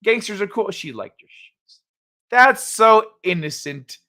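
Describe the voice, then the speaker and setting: A man's voice: high voice, lively intonation, measured pace, sharp tone. A man hosting a casual livestream, rambling and joking with his chat. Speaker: livestream host.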